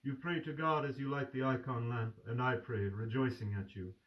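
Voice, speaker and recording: A man's voice: medium pitch, steady tone, moderate pace, highs cut off, natural voice. A man reading aloud and voicing a tender, fervent young man who is dying, speaking in a pleading way. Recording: distant mic.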